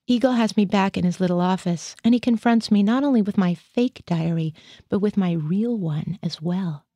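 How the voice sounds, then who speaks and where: A woman reading a first-person literary story aloud in a measured, steady way. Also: medium pitch, dry recording. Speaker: reader.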